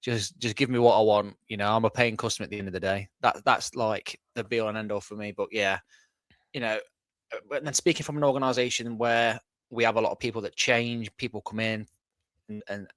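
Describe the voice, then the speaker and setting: A man's voice: lowish voice, steady tone, fairly quick, fairly bright tone, dry recording. A man co-hosting a fan podcast, giving blunt, laid-back opinions. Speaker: podcast co-host. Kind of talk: casual chat.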